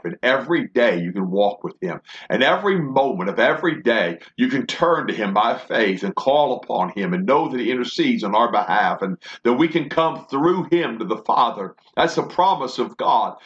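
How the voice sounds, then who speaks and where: A man's voice: medium pitch, a bit bright, lo-fi sound. A man giving a Bible teaching sermon for a broadcast, fervent and rhythmic, with repeated phrases. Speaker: preacher.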